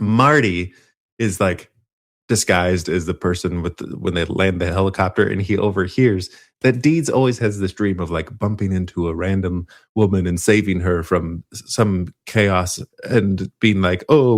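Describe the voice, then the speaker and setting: A man with a deep, low voice tells a film's plot in loose, casual podcast talk. He rambles and stops to correct himself, and he laughs often as he goes. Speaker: podcast co-host. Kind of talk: casual movie recap.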